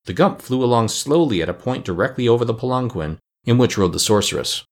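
A man narrating a classic children's storybook in a measured, even reading. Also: mid-range voice. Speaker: audiobook narrator. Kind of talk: scripted narration.

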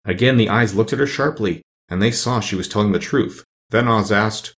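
Gravelly male storybook narrator. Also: on the low side, normal speed, fairly bright tone. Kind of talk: storybook reading.

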